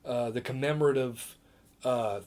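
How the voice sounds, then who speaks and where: A man from Indiana, a podcast guest, telling a story in casual chat, lively and full of fillers and restarts. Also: medium pitch, moderate pace. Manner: animated, acts out quotes, many fillers and restarts.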